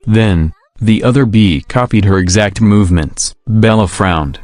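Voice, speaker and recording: Storybook narrator, man, low and measured, faint music bed. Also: a little mellow, no echo.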